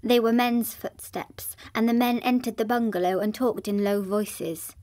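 A woman narrating a children's classic in a gentle, even storytelling manner, with a synthetic sound. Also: fairly high pitch, measured pace.

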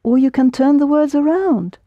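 A woman's voice: high voice, normal speed, dry recording, dull audio. A woman teaching a language lesson, explaining patiently step by step and prompting her students.

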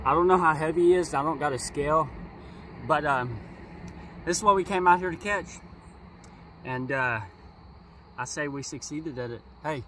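A man, excitedly narrating his fishing outdoors and talking to his viewers. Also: mid-range voice, a little hiss or hum, low-quality recording. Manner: excitable, exclaims often, addresses viewers as y'all. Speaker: fishing vlogger. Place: outdoors by water.

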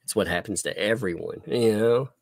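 A man's voice: fairly low pitch, normal speed, creaky, dry recording. A man with a Southern American accent co-hosting a live stream, reading out viewer tips and chuckling often. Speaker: livestream co-host. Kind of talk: casual live-stream chat.

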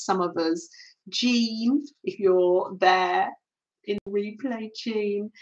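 An older woman hosting a craft livestream, chatting casually with viewers and greeting them with many soft "oh"s and little laughs. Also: fairly high pitch, muffled recording.

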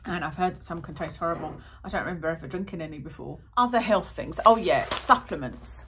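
A woman's voice: on the low side, fast, fairly bright tone, slight background noise. A woman chatting through a product review in a rambling, self-interrupting way. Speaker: beauty vlogger.

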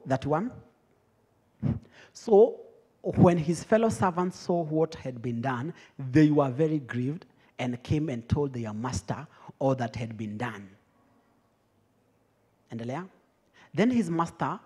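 A young Kenyan man preaching a teaching sermon, lively and teasing, laughing often with his congregation. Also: a little high, breathy edge. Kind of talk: teaching sermon, mixing English and Swahili.

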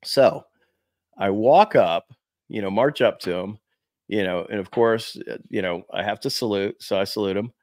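A man in his fifties from the United States, a former Marine, tells stories to the camera in a relaxed, rambling way, filling gaps with "you know". His voice sits low, and the recording is close and dry, with no room sound. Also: moderate pace, no echo. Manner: animated anecdotes, fillers like "you know". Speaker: former Marine sniper telling war stories. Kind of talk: casual storytelling to camera. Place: small room before a green screen.

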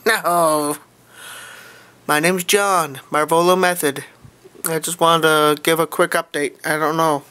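A man's voice: on the high side, fairly even intonation, takes it slowly, pushed and bright, clean tone. A young man giving a casual, rambling vlog update into a handheld music player, offhand and self-mocking. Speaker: vlogger. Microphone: handheld music player camera.

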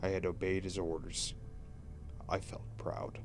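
A man with a fairly low voice reads a horror tale very slowly, letting each line sink in. His delivery is hushed and deliberate, with faint music playing softly behind him. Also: little pitch movement. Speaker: creepypasta narrator. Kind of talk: dramatic horror story reading. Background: faint background music.

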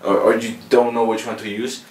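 A man's voice: fairly low pitch, little pitch movement, normal speed, a little mellow. A man with a Mexican accent giving a patient, casual video lesson, often checking in with "okay?". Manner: patient, ends phrases with "okay?". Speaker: language teacher. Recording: roomy echo, mic at a distance.

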